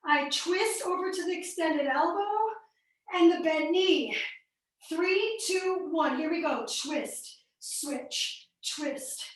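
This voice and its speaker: Heard from a distant mic in an echoey room, a fitness instructor leads a live online class. Her voice is extremely high, and she takes it slowly while counting reps and coaching form in an upbeat way.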